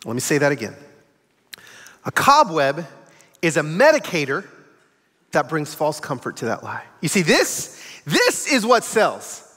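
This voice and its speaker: Male guest preacher, high and expressive, animated storyteller, long church-hall reverb. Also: unhurried, long pauses. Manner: animated, acts out voices in his stories. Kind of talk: sermon storytelling. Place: church auditorium.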